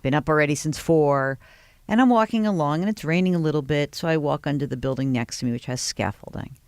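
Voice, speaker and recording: A woman hosting a radio show in a broadcast studio, chatting with a guest and telling stories with animated delivery. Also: low voice, fast, clear, resonant tone, no echo. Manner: lively storyteller, acts out voices. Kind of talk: casual interview chat.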